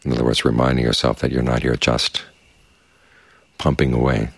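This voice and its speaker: A man giving a dharma talk as meditation teacher, speaking in a calm, measured, unhurried way. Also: rumbling low, vocal fry, no echo. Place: quiet meditation space with crickets outside.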